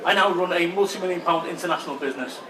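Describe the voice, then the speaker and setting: A man's voice: high-pitched, rapid-fire, a crowd in the background, noisy background. A man from England, giving a punchy, blunt motivational talk that he spices with swearing. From northern England. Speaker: motivational speaker. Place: large expo hall. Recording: roomy hall, voice far from mic.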